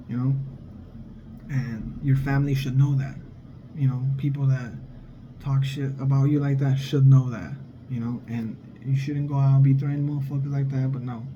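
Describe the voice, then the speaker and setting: A man's voice: medium pitch, muffled recording, background noise. Blunt, profane man ranting. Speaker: vlogger, father. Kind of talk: casual monologue.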